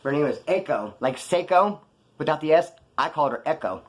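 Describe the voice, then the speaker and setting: A man with a slightly high voice rattles through his stories at a rapid clip. His telling is rambling, slangy and heavy on swearing, delivered as off-the-cuff chat straight to the viewer. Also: lively intonation. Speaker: storyteller recounting his prison past. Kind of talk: casual off-the-cuff storytelling.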